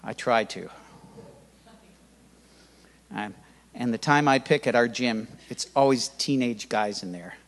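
A man's voice: mid-range voice, slow, long pauses. Older male pastor preaching in a hall. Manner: lively, humorous preaching with sudden loud rises. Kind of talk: sermon. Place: church hall. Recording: church hall reverb.

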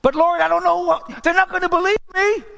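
A preacher putting on a high, anxious pleading man. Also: steady tone, brisk, vocal fry, sharp tone, heavily acted. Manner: anxious, questioning. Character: doubting man pleading with God. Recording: long hall reverb.

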